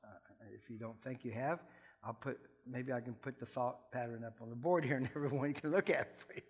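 A man's voice: medium pitch, brisk, slightly rough. A male pastor preaching a conversational sermon, chuckling and acting out quoted voices.

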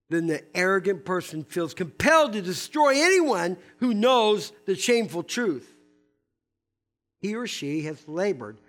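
A man preaching in church with a notably high voice, animated and emphatic, slipping into casual asides to the congregation. Faint music sits underneath his sermon. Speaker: pastor.

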